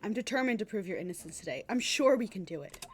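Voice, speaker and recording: A woman's voice: mid-range voice, animated, fast, a little hiss or hum, natural voice. A woman reading the lines of an earnest young male defense lawyer in her own voice, reassuring and sincere.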